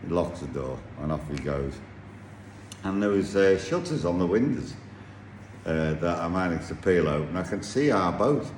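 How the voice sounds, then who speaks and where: Low-voiced man telling a rambling story. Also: animated. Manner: rambling, halting storyteller with many restarts. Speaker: yacht captain telling a story. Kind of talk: casual anecdote. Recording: echoey room with faint noise.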